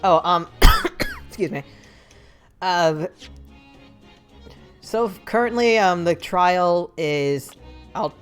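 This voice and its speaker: Giggly streamer girl talking through her game, lowish voice, bouncy pitch. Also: huge pitch swings, extremely slow, long pauses. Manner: chatty, giggly, self-deprecating. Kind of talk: casual let's-play commentary. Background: faint game music.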